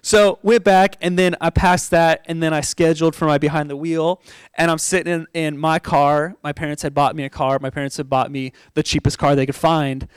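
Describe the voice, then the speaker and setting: A pastor from Oregon, USA, delivers a storytelling sermon built around a personal story, lively and quick to laugh as he acts out the people he quotes. His high voice is smooth and resonant. The recording is close and dry, with no echo.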